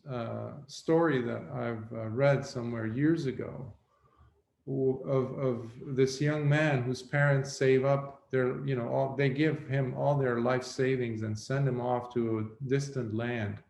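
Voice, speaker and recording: A Buddhist monk giving a reflective dharma talk, telling a story slowly with pauses. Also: male voice, mid-range voice, gravelly, a little mellow, slight background noise. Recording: roomy echo.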